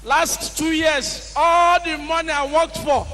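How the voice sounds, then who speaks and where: A young man with a Nigerian accent doing animated stand-up comedy on a live stage, acting out the people in his stories. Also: very high-pitched, slow, rough recording. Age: young adult. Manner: animated storytelling, acts out quoted characters with shouts.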